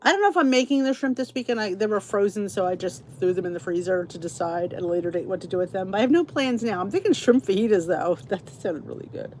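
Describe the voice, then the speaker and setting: A woman's voice: mid-range voice, animated, fast, few pauses, darkish tone, slight background noise. A middle-aged woman hosting a casual livestream chat, greeting viewers and reading their comments aloud. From New Jersey, US. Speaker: channel host.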